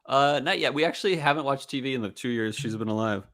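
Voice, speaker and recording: A man's voice: medium pitch, fast talker, a bit bright, dry recording, studio quality. A man in his thirties co-hosting a podcast, talking easily and thoughtfully about his young daughter in casual chat. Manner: easygoing, reflective, lots of agreeing murmurs. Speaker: podcast co-host.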